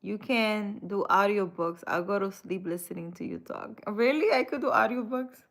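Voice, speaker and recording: A woman spiritual reader chatting casually on a live stream, soft-spoken and hesitant as she answers comments. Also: mid-range voice, moderate pace.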